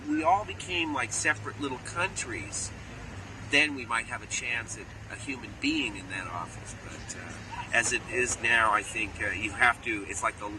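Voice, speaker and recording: A man in an animated interview, telling playful stories and slipping briefly into character voices, recorded outdoors near traffic. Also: medium pitch, normal speed. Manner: playful storyteller who slips into character voices. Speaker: actor interviewee. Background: street and car noise.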